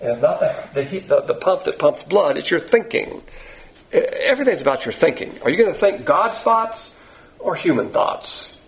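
An older man preaching a sermon in a blunt, animated, coarse-spoken way. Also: on the high side, brisk, creaky, rough recording. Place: church in Texas.

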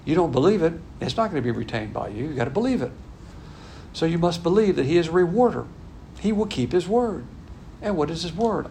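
A man's voice: fairly high pitch, very animated, a little fast, gravelly, darkish tone, slight background noise. An older man preaching a conversational sermon, folksy and emphatic, repeating his points. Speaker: pastor.

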